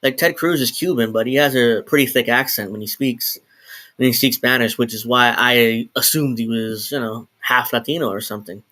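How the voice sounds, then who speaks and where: A man's voice: medium pitch, normal speed, sharp tone. A man talking off the cuff on a solo live stream at home, rambling, restarting sentences and swearing now and then. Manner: rambling, self-interrupting, swears and laughs. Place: home, in New Jersey.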